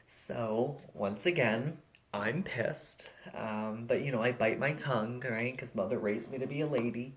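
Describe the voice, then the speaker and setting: A young man with a high voice tells self-deprecating stand-up at home, peppering every line with likes and you-knows. He talks into a laptop on a video call, and the sound is casual and chatty. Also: moderate pace. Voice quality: high-pitched, often mistaken for a woman. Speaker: stand-up comedian. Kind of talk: stand-up set.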